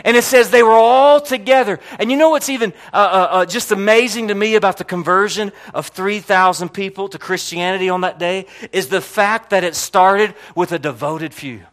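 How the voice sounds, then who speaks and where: A male pastor preaching to his congregation with a notably high voice. He tells a story with plenty of restarts and fillers. His voice dips into low murmurs and then climbs into loud, excited bursts. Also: normal speed, hardly any pauses. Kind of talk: sermon. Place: church hall.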